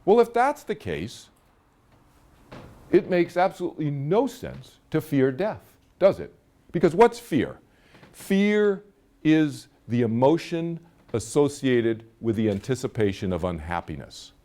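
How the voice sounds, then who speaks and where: A man's voice: a little high, very animated, unhurried, warm tone. A middle-aged man giving a live seminar talk, chatty and storytelling, often checking in with his audience. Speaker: seminar speaker.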